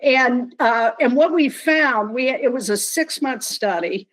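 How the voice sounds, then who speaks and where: A woman speaking as a panelist on an online panel discussion, deliberate and measured, with dry, wry humor. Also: high-pitched, lively intonation, low-quality recording. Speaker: panelist from a nonprofit. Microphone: video call.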